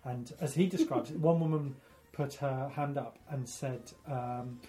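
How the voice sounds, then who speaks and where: A man on a podcast, chatty and halting, telling a story with fillers and frequent laughs. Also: mid-range voice, warm tone. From Isle of Man. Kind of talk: casual chat, storytelling.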